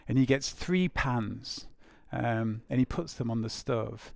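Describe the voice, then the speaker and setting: A man's voice: mid-range voice, unhurried, gravelly, no echo, clean studio sound. A man preaching a sermon in a conversational way, repeating phrases for emphasis with frequent fillers.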